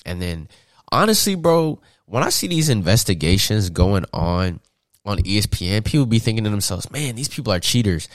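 A young man from Atlanta, a podcast guest, telling stories in a casual, slangy, animated way and laughing often. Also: lowish voice, moderate pace, dry recording, clean studio sound. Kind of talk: casual storytelling.

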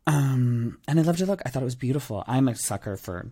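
A man co-hosting a podcast from a remote call, chatting casually and playfully with jumps in pitch. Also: a little fast, slightly rough. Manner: animated, jokey, swings up in pitch. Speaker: podcast co-host. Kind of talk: casual chat.

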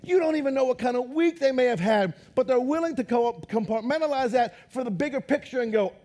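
Loud, animated high-voiced pastor. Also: male voice, fairly quick. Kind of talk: lively sermon. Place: church auditorium.

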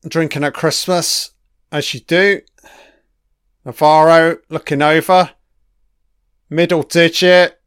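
A man's voice: a little high, steady tone, slow, pauses often, a bit bright, clear, resonant tone, no echo, clean studio sound. A man giving a profane, sarcastic ranting commentary while watching a TV episode.

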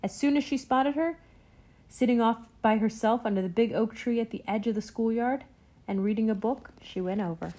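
A woman reading a children's picture book aloud with gentle, expressive storytelling. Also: on the high side, moderate pace, low-quality recording. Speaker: storybook reader.

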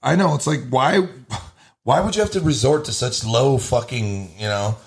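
Gravelly laid-back young man. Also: medium pitch, normal speed. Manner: laid-back, swears freely, echoes his co-host. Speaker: podcast co-host. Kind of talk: casual crude banter.

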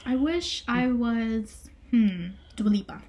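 A woman's voice: a little high, animated, slow, a little mellow. A young American woman co-hosting a casual podcast, teasing and giggly as she fires off questions. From United States. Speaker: podcast co-host. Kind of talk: casual chat.

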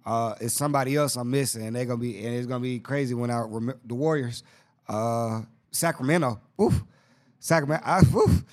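A man hosting a podcast, chatting casually and excitedly, full of slang and repeating himself. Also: mid-range voice, a little fast. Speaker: podcast host. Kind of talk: casual basketball chat.

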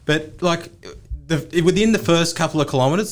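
A man's voice: a little high, moderate pace, noisy background. A man, a real estate agent co-hosting a podcast, chatting casually and telling rambling, self-mocking stories.

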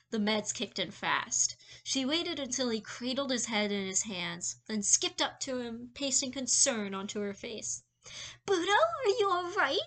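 A woman narrating a fan fiction story in a lively way, with some slips and restarts. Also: fairly high pitch.

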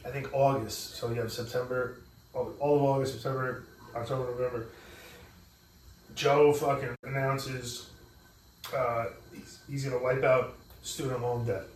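Profane, animated man in echoey room. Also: mid-range voice, measured pace, pauses often, a little hiss or hum. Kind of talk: casual podcast chat. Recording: echoey room, mic at a distance.

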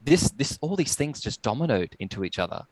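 A young man telling his story as a guest, reflective and halting with many restarts. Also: mid-range voice, big pitch swings, darkish tone, no echo, poor audio. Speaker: podcast guest. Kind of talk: casual storytelling.

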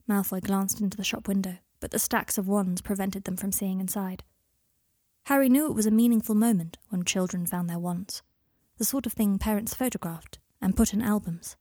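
Woman reading a story aloud, calm even voice, kinda breathy, dry sound. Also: mid-range voice, moderate pace, no echo. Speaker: narrator. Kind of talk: audiobook reading.

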